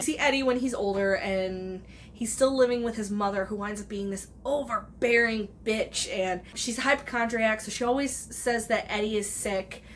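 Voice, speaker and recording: A woman's voice: mid-range voice, a little hiss or hum. A woman in a casual, rambling movie review who retells the plot, swears freely and acts out the characters' lines. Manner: chatty and animated, swears freely, acts out quotes.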